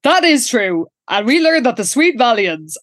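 A woman co-hosts a casual podcast, reading summaries and adding wry remarks. Her voice sits a bit high and moves around a lot. The recording is close and dry. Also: sing-song, normal speed, no room sound. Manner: reads episode blurbs aloud and comments wryly. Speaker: podcast co-host. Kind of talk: casual chat reviewing an episode.

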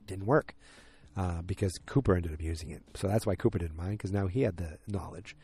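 A man's voice: low-pitched, fairly quick, vocal fry, dark tone, slightly rough, no room sound. A man casually recapping a TV episode, rambling with many fillers and restarts, and speeding up at the tense parts. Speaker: TV show recapper.

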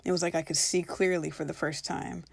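A woman's voice: fairly low pitch, flat delivery, a little fast, gravelly, no room sound. A woman telling a personal spiritual story in an earnest, reflective way, now and then acting out her own past reactions.

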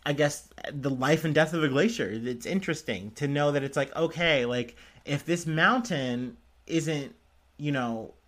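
A man's voice: fairly high pitch, unhurried, a bit bright. A young man hosts a casual podcast and reads news stories aloud. He rambles, restarts his sentences, and drops in swear words. He often laughs at himself as he talks. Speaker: podcast host.

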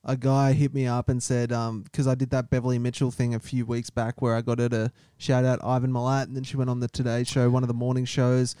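A man co-hosting a podcast, dropping teasing, deadpan quips. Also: medium pitch, a little fast, hardly any pauses, clean tone, no room sound, studio quality. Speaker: podcast co-host. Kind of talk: casual podcast chat.

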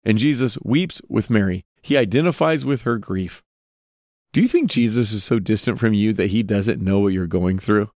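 A man's voice: fairly low pitch, normal speed, darkish tone, no room sound, studio quality. A man hosting a podcast, giving earnest devotional Bible teaching and putting direct questions to his listeners.

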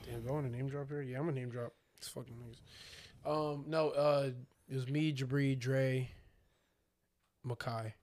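A man's voice: medium pitch, normal speed. A young man and podcast co-host telling a story in casual slangy chat, acting out his friends' lines. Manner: animated, acts out friends' voices, slangy.

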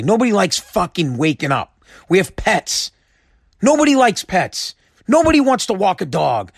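A man's voice: a little high, gravelly, dry recording, clean studio sound. A man giving a casual, profane, exasperated rant, repeating himself for emphasis. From Boston area. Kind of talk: casual ranting monologue.

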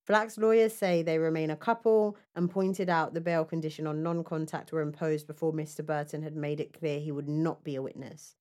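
A woman's voice: low-pitched, steady tone, a little fast, few pauses, a little mellow. A woman co-hosting a casual chat, reading out news stories with laughter and asides. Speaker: podcast co-host.

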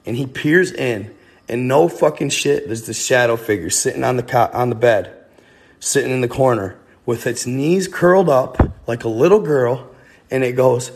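A man tells a ghost story in a loose, casual way, swearing freely and restarting his sentences often. His voice sits in an ordinary middle pitch. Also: moderate pace. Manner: rambling and profane, with many restarts.

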